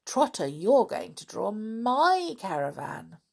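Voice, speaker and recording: A woman reading a children's storybook aloud, voicing an excitable young girl with a breathless, gushing manner. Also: medium pitch, slow, creaky, voice pushed up, heavily acted. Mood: excited.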